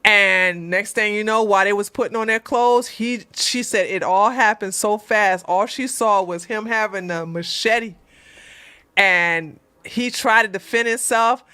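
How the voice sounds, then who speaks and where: A middle-aged woman, a channel host, casually telling a story from her days in police work, animated and breaking into laughter and loud outbursts. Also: mid-range voice, measured pace, clean tone, no echo.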